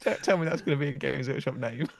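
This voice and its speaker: A man's voice: medium pitch, quick pace, vocal fry, dry recording, clean studio sound. A man playing along in a casual online quiz, thinking aloud, second-guessing himself and laughing. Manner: self-doubting, thinks aloud, laughs often. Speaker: quiz contestant.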